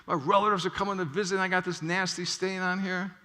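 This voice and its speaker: A man on stage putting on the voice of an upset young wife, pushing into a high falsetto in an echoey hall. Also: flat delivery, fast talker. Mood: fretful. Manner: high falsetto when sweet, sharp when upset.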